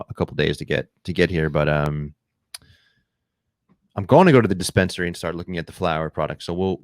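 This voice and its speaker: A man co-hosting a podcast in casual chat, halting and restarting as he asks curious questions. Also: low-pitched, dry recording, clean studio sound. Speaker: podcast co-host.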